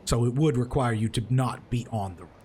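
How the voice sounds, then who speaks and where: A man's voice: mid-range voice, a little fast, a little mellow, a little hiss or hum. A man running a tabletop game as game master, narrating casually with lots of fillers and restarts.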